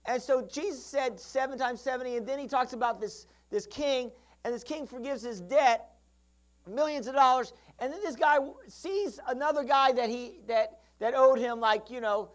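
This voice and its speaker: A preacher delivering a sermon in a lively storytelling manner, acting out characters as the story unfolds. The voice sits at a middle pitch and keeps calling out to the congregation for answers, often restarting phrases and adding asides along the way. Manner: calls out to the congregation for responses. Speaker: pastor.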